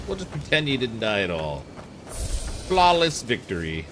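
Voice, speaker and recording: A man's voice: fairly low pitch, wildly swooping pitch, fairly quick, bright, forceful tone, slight background noise. A young man streaming a fantasy game, chatting casually and laughing at himself as he plays. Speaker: gaming streamer. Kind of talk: let's play commentary. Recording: game sounds behind voice. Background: game sound effects.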